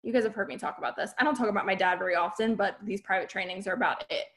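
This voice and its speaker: A woman's voice: mid-range voice, rapid-fire, fairly bright tone. A woman podcast host and business coach giving a candid, emphatic motivational talk to a live group. She often checks in with her listeners.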